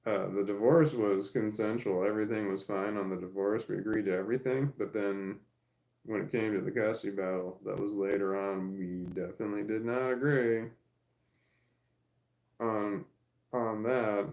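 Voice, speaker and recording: Gravelly low-voiced man telling a story. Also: fairly even intonation, moderate pace, darkish tone, poor audio. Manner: rambling, frequent swearing and restarts. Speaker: vlogger. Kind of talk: casual storytelling monologue.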